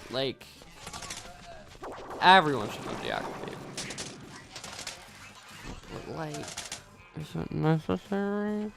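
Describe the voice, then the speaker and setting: A man's voice: on the high side, big pitch swings, slow pace, creaky, long pauses, very noisy. A young American man with an American accent, rambling through casual let's-play commentary, stumbling over words and swearing. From United States. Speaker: gaming YouTuber.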